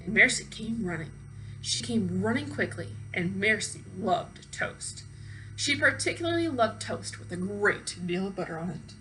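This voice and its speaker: Bright-voiced woman reading a children's story. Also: medium pitch, moderate pace, a little hiss or hum, low-quality recording. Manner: expressive, asks listeners questions. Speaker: teacher reading aloud. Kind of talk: children's read-aloud.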